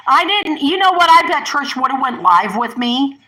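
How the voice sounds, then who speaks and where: A woman's voice: sits high, very animated, normal speed, hardly any pauses, pushed and bright, rough recording. Chatty older woman rambling on a livestream. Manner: rambling, chatty, breaks off to talk to pets and family. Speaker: livestream host. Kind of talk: casual live stream chat.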